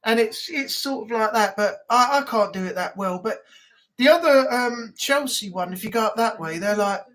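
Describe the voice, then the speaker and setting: A man's voice: high voice, normal speed, a bit bright. Rambling male live-stream host. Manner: rambling, many ums. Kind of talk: casual live chat.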